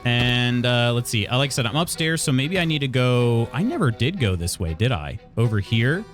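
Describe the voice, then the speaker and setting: A man's voice: medium pitch, expressive, moderate pace, soft background music. A man from Illinois casually chatting while streaming a video game, reading chat aloud and laughing often.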